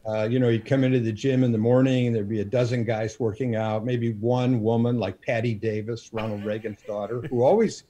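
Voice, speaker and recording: A man in his sixties, a guest on an interview show, telling unhurried anecdotes with plenty of ums and you-knows. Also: medium pitch, steady tone, mellow, highs cut off. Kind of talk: storytelling in a casual interview.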